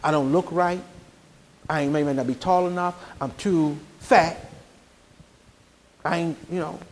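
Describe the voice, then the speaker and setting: A man's voice: fairly high pitch, fairly even intonation, unhurried, slight background noise. A man pastor preaching a sermon in a conversational style that rises into emphatic bursts.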